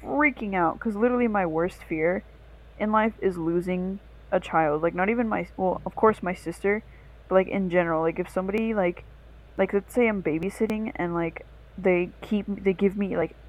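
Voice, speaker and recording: A woman's voice: medium pitch, moderate pace, rough recording. A young woman co-hosting a casual podcast, telling a long story in a rambling, profane way. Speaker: podcast co-host.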